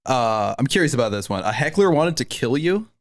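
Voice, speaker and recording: A man's voice: medium pitch, very animated, brisk, dry recording. A man co-hosting a podcast in a studio, reading out a listener's question in a casual way. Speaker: podcast co-host.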